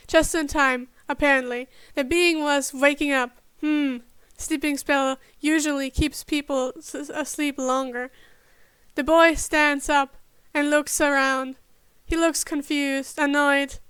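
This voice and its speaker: A woman reads fan fiction aloud in a high, light voice, taking her time over each line. Her narration is wry and casual, with small asides slipped in. The sound is dry and close, with no room around it. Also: steady tone, takes it slowly, a bit bright, dry recording. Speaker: podfic reader.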